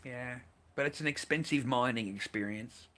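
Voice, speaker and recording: Crude, rambling man, bright voice. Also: mid-range voice, normal speed. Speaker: streamer host.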